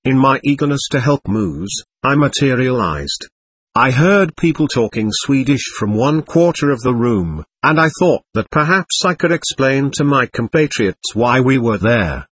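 A man narrating a first-person storybook with a husky, breathy voice. His pitch rises and falls lively through the lines, and the sound is close and dry. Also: unhurried, dry recording. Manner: steady, expressive reading.

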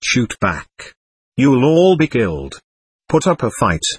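A man voicing a stubborn male sergeant who keeps shouting orders and protests, in an audiobook reading. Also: medium pitch, very animated, slow pace, breathy edge, dry recording, exaggerated voice. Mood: angry.

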